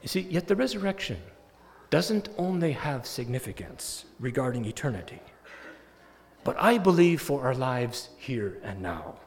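A man's voice: medium pitch, a little slow, gravelly, slight background noise. A man preaching a sermon, telling a story with rising, emphatic peaks. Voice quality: animated, building to loud emphatic peaks. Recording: long hall reverb.

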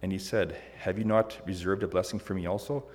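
A man reading scripture aloud in an earnest, measured way, stumbling now and then. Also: low-pitched, fairly even intonation, a little mellow, in a large hall. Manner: earnest, measured with some slips. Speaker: scripture reader.

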